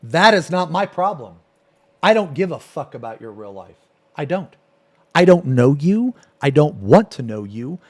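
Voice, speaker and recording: High-pitched, angry ranting male streamer. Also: very animated, moderate pace, a little mellow. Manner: angry, profane, repetitive ranting. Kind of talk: live stream reaction rant.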